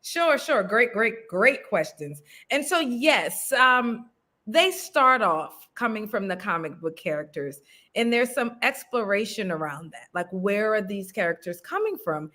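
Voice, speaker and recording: A woman's voice: mid-range voice, big pitch swings, a little slow, bright, forceful tone. A woman, a writer and actor, chatting casually as an interview guest with frequent ums. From New Orleans.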